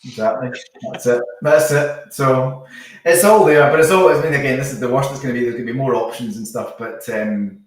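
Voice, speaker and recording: A man, a business founder talking casually as a podcast guest, chatty and quick to laugh. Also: medium pitch. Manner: chatty, laughs easily, trips over words. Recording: echoey room, far from the mic.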